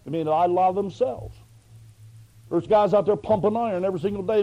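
Man, pastor, sermon, high-pitched, warm mellow tone, folksy, emphatic. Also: fairly quick, muffled recording. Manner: emphatic, folksy, rhetorical questions.

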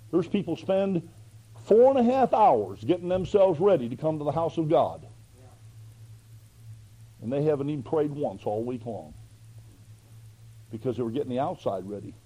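A male pastor preaching with an emphatic, folksy delivery and a high voice. His tone is mellow and warm rather than sharp. He keeps throwing rhetorical questions at the congregation. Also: lo-fi sound. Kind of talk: sermon.

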